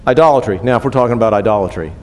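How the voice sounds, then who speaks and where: A man's voice: on the low side, racing, darkish tone. Older man preaching in a reverberant hall. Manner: conversational, asks the room questions, often tags "right?". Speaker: pastor. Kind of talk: sermon.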